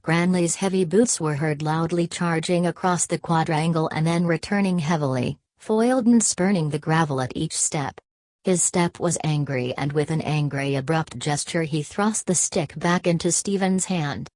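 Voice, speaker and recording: A woman with a notably low voice reads a novel aloud, steady and measured, carrying the characters' lines without much change of voice. The sound is dry and close, with no room around it. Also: dry recording. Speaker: audiobook narrator. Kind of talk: scripted narration.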